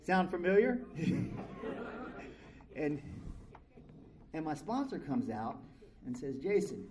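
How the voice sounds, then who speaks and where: Slow-paced yet very animated, a middle-aged man from California with a slightly high voice tells his story at a recovery meeting. He addresses a live crowd in a convention meeting room bluntly, frankly and profanely, against a noisy background.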